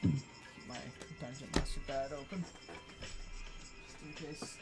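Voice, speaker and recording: Halting, filler-heavy game master narration. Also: medium pitch, loud music behind the voice.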